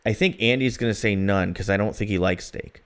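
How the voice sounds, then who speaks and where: A man's voice: fairly low pitch, a little fast. A man co-hosting a podcast, chatting casually and telling rambling stories with plenty of fillers. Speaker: podcast co-host.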